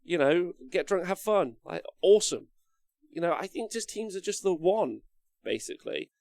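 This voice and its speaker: A man's voice: high-pitched, animated, moderate pace, gravelly, darkish tone, no room sound. A man hosting a live stream, rambling casually through viewer comments and swearing now and then. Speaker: live-stream host reading chat.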